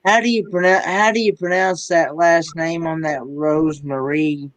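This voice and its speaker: Brief: higher-pitched male co-host, halting delivery, dry recording. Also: fairly even intonation, fairly bright tone, no room sound, rough recording. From Sullivan County, USA. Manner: halting, repeats words while speaking. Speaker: live stream co-host. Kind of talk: casual live stream chat.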